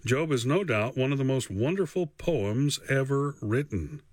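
A man teaching a radio Bible lesson, slow and deliberate with long pauses. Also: mid-range voice, expressive, dry recording.

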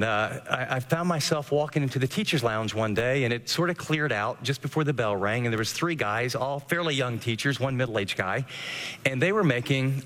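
A middle-aged man preaching a radio sermon, animated, with sudden rises and drops in his voice. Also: mid-range voice, long reverb tail. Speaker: pastor.

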